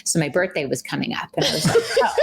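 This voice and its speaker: A woman's voice: deep voice, very fast, creaky, a crowd in the background. A woman relationship coach, a podcast guest, telling a story in a conversational way and acting out the dialogue. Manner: animated, acts out quoted dialogue.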